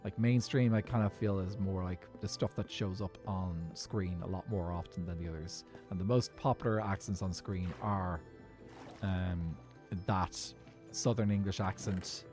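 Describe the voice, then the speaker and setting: A man with an Irish accent chats loosely while livestreaming a game. He drifts from one tangent to the next, laughing often, in a mellow, dark tone over faint background music. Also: low-pitched, fairly even intonation, measured pace. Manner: rambling, digressive, laughs often. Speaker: streamer.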